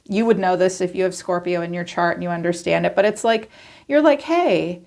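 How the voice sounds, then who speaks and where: Woman with a gravelly edge reading tarot. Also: lowish voice, fairly quick, a little mellow. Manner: chatty and informal, thinks aloud. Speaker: tarot reader. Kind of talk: casual tarot card reading.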